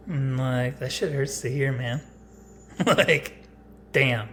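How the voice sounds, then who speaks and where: A man in his thirties talks off the cuff in a personal vlog, his pitch sitting in a middle range for a man. He rambles bluntly and leans on filler words. A faint background noise sits behind the voice. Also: slow, pauses often, a bit bright. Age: 30s. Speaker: vlogger.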